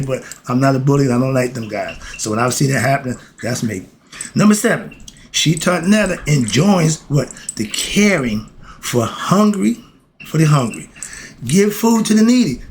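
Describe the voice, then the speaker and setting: A man giving a casual spoken commentary on philosophy in blunt street talk, breaking into sudden shouts and then settling down again. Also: mid-range voice, a little hiss or hum, rough recording. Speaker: host.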